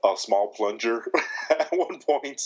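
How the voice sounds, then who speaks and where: A man in his fifties co-hosting a podcast, talking in a thoughtful, halting way with many restarts. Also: medium pitch, expressive, muffled recording. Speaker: podcast co-host. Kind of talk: casual chat.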